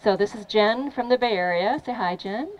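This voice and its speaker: A woman fitness trainer running a lively training demo for a crowd at an outdoor event, encouraging and laughing often. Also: mid-range voice, normal speed, dull audio.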